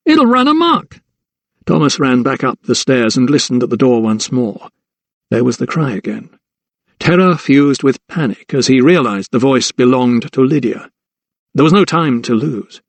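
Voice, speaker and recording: In a close, dry recording with no echo or room sound, a man narrates a historical mystery audiobook from a script. He reads in a measured, suspenseful way at a normal middle pitch.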